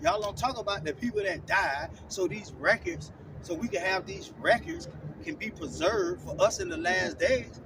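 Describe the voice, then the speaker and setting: High-voiced scolding street preacher. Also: male voice, very animated, normal speed. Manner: repeats "man" and "all right?" after nearly every phrase; scolding, blunt, profane street talk. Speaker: street preacher teaching scripture. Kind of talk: confrontational online sermon. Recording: distant mic with clear outdoor traffic noise.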